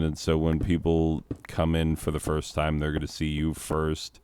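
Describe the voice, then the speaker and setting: A man with an extremely deep, clean, resonant voice talks loosely while playing a game. He rambles with plenty of fillers and a dry, sarcastic edge. He speaks as a teacher letting off steam in casual chat. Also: completely flat delivery, moderate pace, few pauses, a little mellow, clean tone, no room sound.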